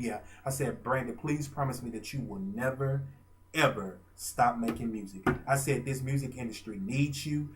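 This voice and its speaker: A man, telling a story in a casual, gushing way with dramatic pauses. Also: mid-range voice. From Arkansas. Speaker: vlogger and fan.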